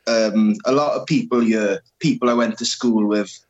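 A man's voice: lowish voice, steady tone, normal speed, darkish tone, highs cut off. A man from Wales, chatting casually and hesitantly. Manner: hesitant, many fillers and restarts. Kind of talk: casual chat.

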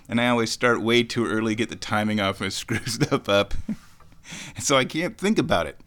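A man's voice: mid-range voice, normal speed, a bit bright. A man hosting a radio show, talking casually on his own in a rambling, easygoing, chatty way. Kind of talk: casual solo radio talk.

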